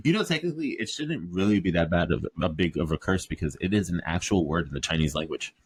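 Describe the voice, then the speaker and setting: Guy cohost, talks quick, kinda husky, tosses out edgy questions deadpan. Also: low voice. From New York. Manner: quick provocative questions, dry humor. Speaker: podcast co-host. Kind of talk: casual chat.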